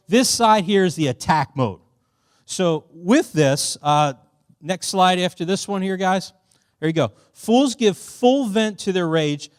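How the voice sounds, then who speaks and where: Middle-aged man, church workshop speaker, fairly high voice, dry close sound, chatty and boisterous. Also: no room sound. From Philadelphia. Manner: animated, conversational, loud and boisterous by his own account; casual, with many fillers and asides to the audience.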